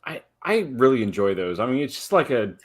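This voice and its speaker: A man in casual chat on a live stream, explaining his plans in a measured way. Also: mid-range voice, big pitch swings.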